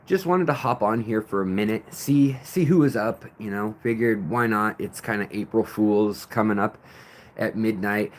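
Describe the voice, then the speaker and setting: A man's voice: on the low side, normal speed, a little hiss or hum. A man hosting a casual late-night livestream from outdoors, rambling loosely and greeting viewers by name. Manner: loose and rambling, reads chat names, sometimes raps along. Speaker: livestream host.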